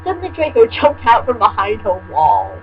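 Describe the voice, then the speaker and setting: A woman reads a story aloud and keeps breaking off for sarcastic, deadpan commentary. Her voice sits a touch high. A steady electrical hum runs under her home recording. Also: moderate pace, highs cut off. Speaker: fan fiction reader and commentator. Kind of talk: comedic reading with commentary.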